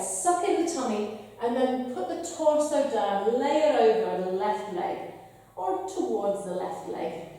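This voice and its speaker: A high-pitched, mellow-toned woman guides a yoga class, calmly and encouragingly talking students through each breath and pose. She sits at a distance from the microphone in a large room with a long, echoing reverb. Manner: calm, encouraging cueing of breath and poses. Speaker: yoga instructor. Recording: echoey hall, voice from far off.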